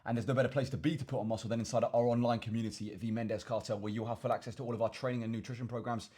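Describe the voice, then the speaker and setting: A man's voice: medium pitch, fairly even intonation, rapid-fire, darkish tone, husky. A young man with an English accent, hosting a casual fitness Q and A and rambling with lots of repeated words. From England. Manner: rambling, repeats words, addresses viewers as chaps. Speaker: fitness coach and vlogger. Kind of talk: casual Q and A to camera.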